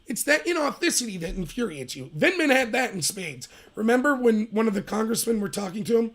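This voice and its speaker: A man's voice: high-pitched, big pitch swings, brisk, fairly bright tone. A man hosting a livestreamed political commentary show, talking emphatically and rambling, sometimes mocking quotes in a put-on voice.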